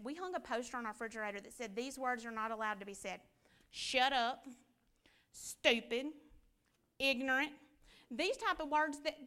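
Bright high-voiced woman teaching Bible class. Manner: conversational preaching, rhetorical questions.

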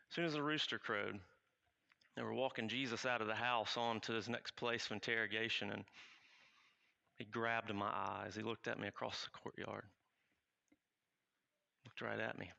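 A guilt-stricken apostle, as a man acts him out speaks in a confessional first-person monologue. His voice is bright and edged, with a gravelly fry beneath the words. He halts and restarts, urgent and raw. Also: mid-range voice, dull audio. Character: remorseful male apostle recounting his denial.

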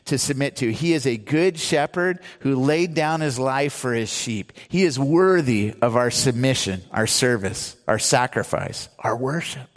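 A pastor preaching a sermon, retelling scripture stories with earnest emphasis. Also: male voice, medium pitch. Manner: earnest storytelling preacher, acts out quotes. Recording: hall reverb.

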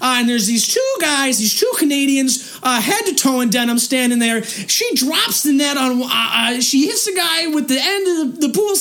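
A woman hosting a podcast, telling a comic story in a rambling way full of restarts and fillers, and shouting in the action scenes. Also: high-pitched, expressive, moderate pace, few pauses. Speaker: podcast host. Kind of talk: comedic storytelling.

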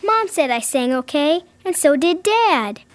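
A woman's voice: sits high, big pitch swings, a little slow, dry recording. A woman voicing a young girl who is hurt and sulky with her brother, in a pouty, whiny child's voice, in a family audio drama. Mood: upset.

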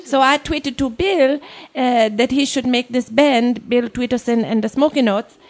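A woman in casual chat, telling an anecdote with giggles and pauses. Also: sits high.

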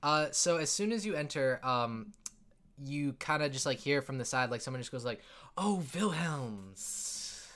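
A man's voice: medium pitch, normal speed, a bit bright, clean tone. A man narrating a tabletop game as game master, rambling with many fillers and frequent laughter.

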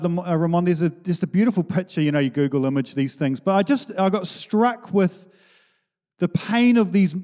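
A man's voice: high-pitched, darkish tone. A man, preaching a sermon to his church in an informal, conversational way. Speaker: pastor. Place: church hall. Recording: long reverb of a church hall.

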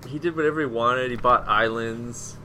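A man's voice: medium pitch, moderate pace, a little hiss or hum. A man co-hosting a casual podcast chat, telling stories with mimicked quotes and laughter. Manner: animated storyteller, mimics voices with laughs. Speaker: podcast co-host.

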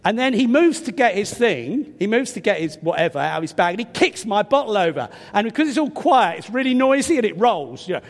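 Older English preacher, lively high voice. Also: male voice, brisk, hardly any pauses. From England. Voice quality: slightly stuffy nose from a cold. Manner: chatty storyteller, self-deprecating, restarts often. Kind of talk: sermon with personal anecdote. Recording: long reverb of a large hall.

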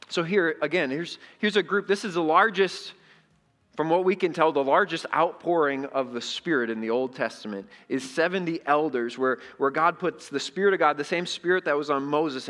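Bright-voiced pastor in an echoey hall. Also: male voice, on the high side. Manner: conversational, asks the congregation questions. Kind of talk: sermon. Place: church sanctuary.

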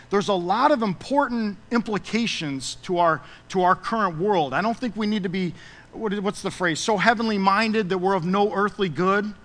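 A man preaching a sermon as pastor, emphatic, rising loud and dropping soft. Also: high-pitched, in a large hall.

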